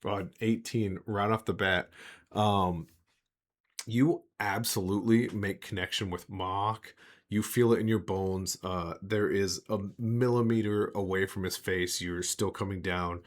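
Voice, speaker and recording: Man, game master, lowish voice, loose conversational narration, tabletop game. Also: fairly even intonation, unhurried.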